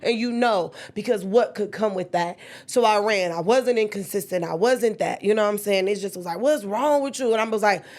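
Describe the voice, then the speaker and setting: A woman's voice: brisk, hardly any pauses. A woman, telling her own story with candid feeling and acting out the quoted dialogue. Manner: animated, acts out quoted dialogue with sudden high-pitched bursts.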